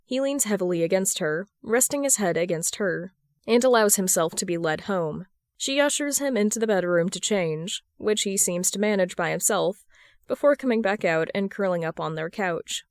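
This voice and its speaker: A woman reading a fan fiction story aloud as a podfic narrator, in a steady storytelling manner. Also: mid-range voice, normal speed, dry recording, clean studio sound. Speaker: podfic reader.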